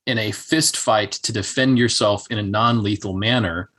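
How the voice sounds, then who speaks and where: A man's voice: fairly low pitch, normal speed, a bit bright. A man co-hosting a podcast, mostly chiming in with short agreements during a story. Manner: brief agreeing backchannels. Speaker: podcast co-host. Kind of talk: casual chat.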